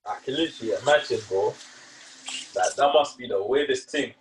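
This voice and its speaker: A young man co-hosting a casual podcast chat, teasing and joking with loud laughs. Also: medium pitch, a little fast, noisy background. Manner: teasing, jokey, laughs loudly. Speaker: podcast co-host.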